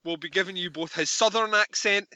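A man's voice: high voice, brisk, bright, forceful tone, no echo. A man hosting a podcast, chatting enthusiastically and swearing freely about a film. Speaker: podcast host. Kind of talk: casual film review chat.

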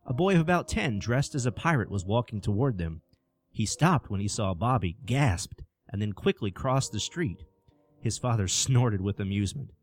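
A man narrating a scripted horror story with an expressive storytelling delivery. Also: fairly low pitch, normal speed.

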